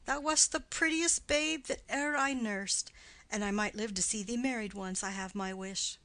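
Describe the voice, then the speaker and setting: A woman reading the part of a garrulous, doting old nurse in an audiobook play, with her voice climbing high and loud as she rambles. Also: moderate pace, no room sound, low-quality recording. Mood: rambling.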